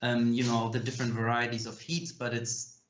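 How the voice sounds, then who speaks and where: A man's voice: medium pitch, level tone, moderate pace, lo-fi sound, slight background noise. Man asking questions in an echoey room. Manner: searching, stacks up restarted questions. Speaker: interviewer. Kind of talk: casual interview questions.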